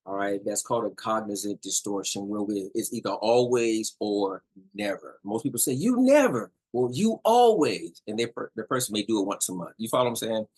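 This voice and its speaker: A middle-aged man with a husky, lowish voice talks a little fast, with few pauses and fairly even intonation, on a low-quality recording. His casual instructional talk on relationship communication is emphatic and repetitive, punctuated by "all right?".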